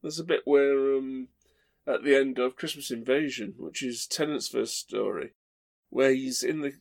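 Creaky-voiced man, rambling host. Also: medium pitch, a little slow. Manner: rambling, fond storytelling with playful asides. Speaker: podcast host. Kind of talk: casual chat.

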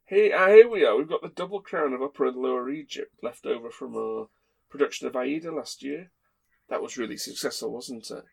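Male podcast host, gravelly texture, meandering and wry. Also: mid-range voice, fairly quick, darkish tone. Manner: rambling, fond storytelling with playful asides. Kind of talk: casual chat.

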